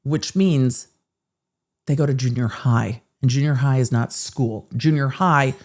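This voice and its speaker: A woman's voice: a bass voice, unhurried, a little mellow. A woman hosting live legal commentary, sarcastic and blunt, and she swears freely. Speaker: host.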